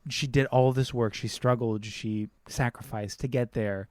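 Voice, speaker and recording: A man's voice: medium pitch, steady tone, a little slow, a little mellow, no room sound, studio quality. A man co-hosting a podcast in casual film chat, earnest, repeating phrases as he thinks and acting out quotes. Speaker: podcast co-host.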